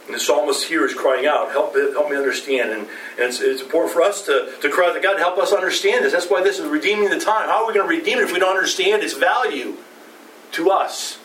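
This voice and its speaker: Man, middle-aged, pastor, conversational sermon, rhetorical questions, slightly high voice, distant mic. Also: fast talker, a bit bright. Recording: roomy, distant, faint ambient noise.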